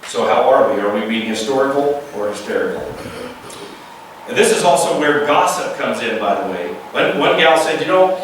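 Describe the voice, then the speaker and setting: A male pastor preaching a lively sermon, asking the congregation questions and acting out the voices he quotes. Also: mid-range voice, normal speed. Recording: echoey room, mic at a distance, faint background noise.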